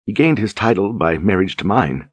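A demure young duchess who speaks softly and courteously, as a male narrator reads her, flattering and gentle. The voice sits very deep and husky, recorded close and dry with no room sound. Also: moderate pace, no echo. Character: young noblewoman duchess, soft-spoken and flattering. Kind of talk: audiobook character reading.

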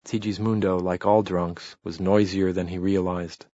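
A man narrating a novel in a measured, steady reading. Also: sits low, dry recording, muffled recording. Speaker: audiobook narrator. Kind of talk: scripted narration.

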